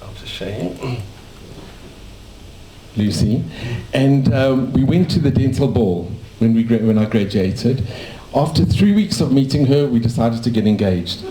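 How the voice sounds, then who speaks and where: A man's voice: medium pitch, lively intonation, a little slow, warm tone, a little hiss or hum. A man in his sixties from South Africa, a dentist telling his life story in a cafe in a rambling, anecdotal way. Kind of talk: casual storytelling to a small audience. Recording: echoey cafe room.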